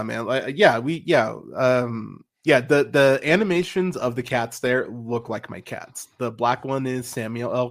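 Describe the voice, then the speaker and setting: A young man from the US hosting a podcast livestream, chatting casually and rambling with lots of fillers and swearing. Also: mid-range voice. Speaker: podcast host.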